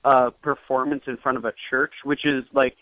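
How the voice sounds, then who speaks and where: A young man, a journalist guest, talking in an interview in a halting way with many restarts. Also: mid-range voice, flat delivery, a bit bright, no room sound, low-quality recording. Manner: hesitant, full of restarts. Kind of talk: interview conversation.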